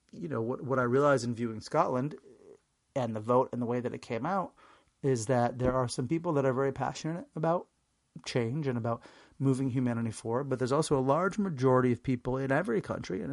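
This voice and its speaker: Rambling, gravelly-voiced comic man. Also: mid-range voice, dry recording. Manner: rambling, self-mocking, many fillers and restarts. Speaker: interview guest. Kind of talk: rambling comedic answer.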